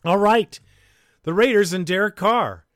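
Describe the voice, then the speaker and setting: A man's voice: sits high, unhurried, a bit bright, dry recording, clean studio sound, faint music behind. A man in casual sports talk, laid-back and opinionated.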